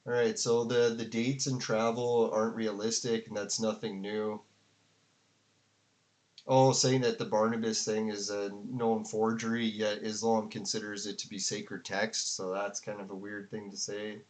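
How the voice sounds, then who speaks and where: With a fairly low, flat voice and a slightly slow pace, a man rambles through commentary on a debate for his viewers in chat. He keeps restarting, leans heavily on fillers and "like," and laughs along the way.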